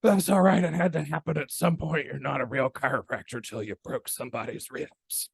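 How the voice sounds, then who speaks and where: A man doing a gruff old Southern mentor. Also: mid-range voice, steady tone, a little fast, no room sound, studio quality. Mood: shrugging. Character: older heavyset male mentor chiropractor, gruff and unbothered.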